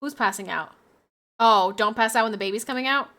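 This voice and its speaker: A young woman hosting a casual stream, her voice bright and on the higher side. She talks bluntly and crudely, laughing between remarks. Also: brisk. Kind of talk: casual chat.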